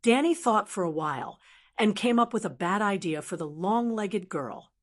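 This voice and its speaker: A woman narrating a fantasy audiobook in an even, steady storytelling manner. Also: medium pitch, moderate pace.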